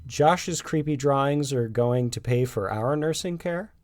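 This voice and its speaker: A man voicing a caring mother who gently questions her husband, in a raised, softer voice. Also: mid-range voice, a little slow, no echo, studio quality, voice pushed up, natural voice. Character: caring, slightly worried young mother.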